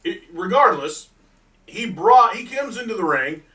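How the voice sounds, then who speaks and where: Bright-voiced male wrestling co-host. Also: high voice, big pitch swings, unhurried, distant mic. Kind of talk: match recap commentary. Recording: voice from off-mic.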